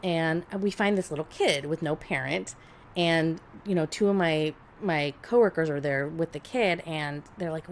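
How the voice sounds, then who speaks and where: A woman on a podcast telling a story in casual chat, blunt and profane, animated and laughing as she talks. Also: deep voice, normal speed, slight background noise. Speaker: podcast co-host.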